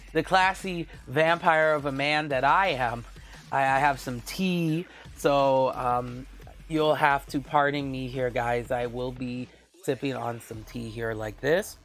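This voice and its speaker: A man hosting his own live-stream show, chatting casually with a husky, raspy voice that is hoarse from a flu, rambling with many fillers and frequent laughs. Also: medium pitch, a bit bright. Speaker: VTuber show host.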